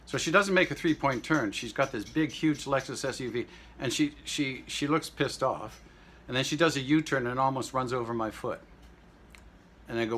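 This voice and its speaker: Man, vlogger; casual, indignant storyteller who rambles, with a bright, sharp voice. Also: mid-range voice, expressive, fairly quick, a little hiss or hum. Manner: greets the audience in French and German.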